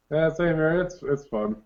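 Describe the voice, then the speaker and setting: A man's voice: fairly high pitch, darkish tone. A man co-hosting a podcast in casual chat, joking, swearing and laughing a lot. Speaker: podcast co-host. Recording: dull, muffled audio.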